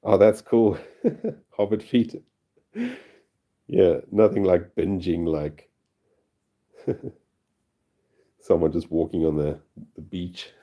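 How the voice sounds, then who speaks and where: Brief: South African man, low and warm, casual livestream chat, quick to laugh. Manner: chatty, easily delighted, laughs often. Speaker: fossil collector and channel host.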